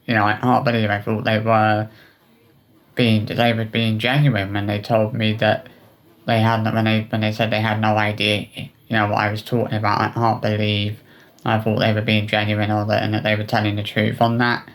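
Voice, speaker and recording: A man talking straight to his viewers in a personal vlog, upset and remorseful, with halting speech full of restarts and fillers. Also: lowish voice, monotone. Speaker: vlogger.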